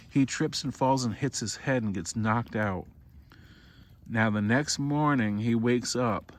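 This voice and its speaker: A man, a parent, telling a made-up horror story outdoors by a campfire, rambling with many restarts. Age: adult parent. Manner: rambling, repeats and restarts, rises to high cries for the boy's voice.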